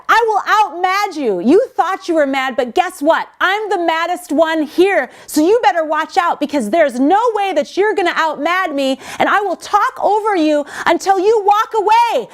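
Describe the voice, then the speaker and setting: Woman doing a shrill, furious arguer; much higher, loud, combative. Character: furious woman escalating an argument.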